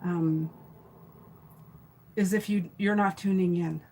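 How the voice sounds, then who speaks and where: A woman's voice: fairly low pitch, fairly even intonation, slow pace, slight background noise, rough recording. Chatty woman reading tarot live. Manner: chatty, warm, rambling with fillers and restarts. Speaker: tarot reader. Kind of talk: live stream tarot reading, reading chat comments.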